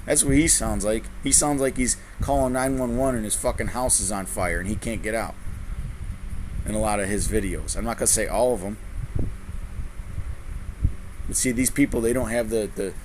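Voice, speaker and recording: A man's voice: lowish voice, fairly quick. Male host, preachy vlog rant, heavy cursing, repetitive "okay?" tags, noisy room with AC hum. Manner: swears a lot, tags lines with "okay?" and "man"; repeats and restarts phrases. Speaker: religious video host. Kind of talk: profane preaching rant to viewers.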